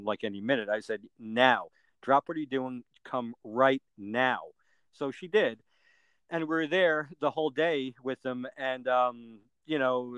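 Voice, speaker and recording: A man's voice: medium pitch, clean tone, dry recording, rough recording. A middle-aged man, a podcast guest, telling a personal story earnestly and plainly, step by step, with everyday fillers.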